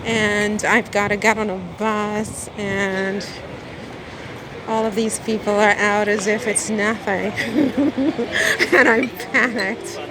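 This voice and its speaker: A woman in her fifties talks slowly and chattily, full of fillers and self-mocking asides. She sounds a little anxious as she walks. Clear city traffic noise runs under her voice outdoors. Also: medium pitch, fairly even intonation. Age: 50s. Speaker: vlogger. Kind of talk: casual walking vlog. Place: city street at night. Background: traffic and street noise.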